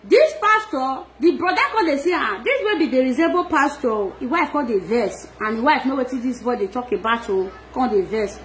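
A woman with a Nigerian Pidgin accent talking through gossip in an animated, scolding way with frequent laughs. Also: on the high side, fairly quick, few pauses, slight background noise. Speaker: gossip vlogger. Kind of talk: casual gossip monologue.

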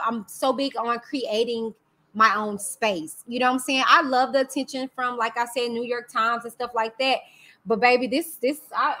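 A woman with a Texan accent hosts a casual live stream. Her voice sits high and rings bright. She talks candidly and with energy straight to her viewers, full of "y'all" and "you know what I'm saying". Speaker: livestream host.

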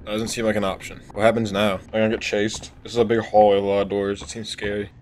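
A man's voice: on the low side, flat delivery, fast talker, a little hiss or hum. A man streaming a horror game, reacting jumpily, swearing, and talking to his chat. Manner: jumpy, swears, shouts when scared, talks to chat. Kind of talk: horror game let's play commentary.

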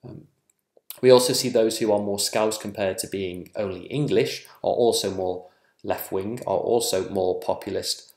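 A man presenting survey research at a conference, measured and full of ums and small self-corrections. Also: on the low side, vocal fry, reverberant.

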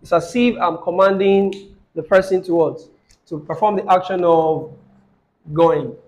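Brief: male tutor with a high voice, patient, checks in often, repeats each phrase slowly. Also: darkish tone, lo-fi sound. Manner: asks the student questions and repeats phrases slowly. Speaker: Arabic grammar teacher. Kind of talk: live online lesson with a student.

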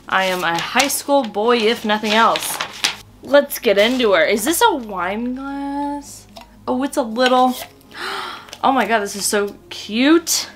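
A young woman, a book vlogger and teacher, chatting excitedly and gushing as she unboxes book mail. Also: on the high side, slight background noise. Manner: gushing, excitable, swearing with joy. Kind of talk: casual vlog chat while unboxing.

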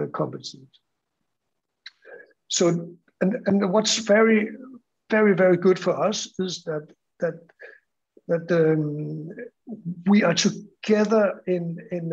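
A man's voice: a little high, darkish tone, husky, dull audio. A man with a Danish accent gives a conference talk about his school, hesitant and full of fillers and restarts. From Denmark. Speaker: school teacher presenting at a conference.

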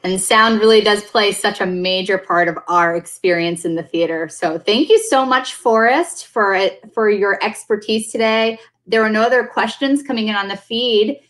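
A woman's voice: mid-range voice, moderate pace, few pauses, a bit bright. A woman moderating an online forum, thanking a guest and asking her own question on a video call.

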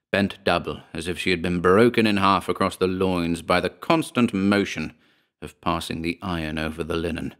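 A man with a low voice narrates an old macabre tale. He reads with a measured, grave delivery and lets each sentence settle. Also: clean tone. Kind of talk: scripted horror story narration.

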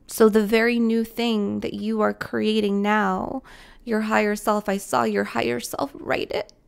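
A woman with a gravelly, creaky voice gives a heartfelt tarot reading straight to her viewers. She is emotional and close to tears, repeats herself for emphasis, and swears casually along the way. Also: medium pitch, little pitch movement, a little slow. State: tearful, emotional. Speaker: tarot reader. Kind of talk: spiritual tarot reading to camera.

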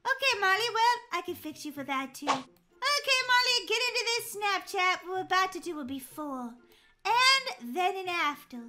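A woman voicing a bossy, excitable teenage fashionista girl who teases and talks in a sing-song way. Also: extremely high pitch, moderate pace, heavily acted. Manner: pushy, teasing, sing-song. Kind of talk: voicing a role-play video.

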